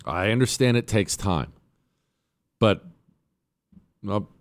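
A man hosting a radio talk show, giving opinionated political commentary in an emphatic, sarcastic way, often jumping into high mocking voices. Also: animated, slow pace.

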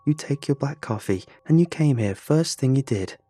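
A man voicing a calm, manipulative male prisoner who is a deluded killer, speaking in a smooth, needling, coolly certain way. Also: mid-range voice, normal speed, dry recording, faint music behind, voice pushed up. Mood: taunting.

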